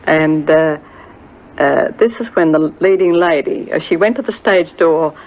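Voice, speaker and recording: A woman's voice: deep voice, a little slow, darkish tone, highs cut off. An older woman telling a story about a singer she knew, hesitant and full of fillers, acting out what others said. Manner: hesitant, many fillers, acts out quoted voices. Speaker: friend recalling a singer. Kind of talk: reminiscing anecdote.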